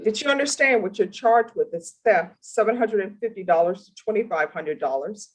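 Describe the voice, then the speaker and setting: A woman judge in a courtroom, asking formal, deliberate questions in a stern manner. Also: medium pitch, expressive, poor audio. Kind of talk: courtroom plea hearing.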